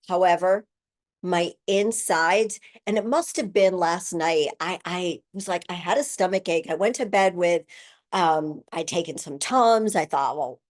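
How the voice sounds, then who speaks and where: A woman in her sixties hosting a podcast, talking candidly and emotionally, swearing freely and shifting her pace for emphasis. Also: on the low side. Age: 60s. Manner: speeds up and slows down for emphasis. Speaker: podcast host. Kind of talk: personal monologue.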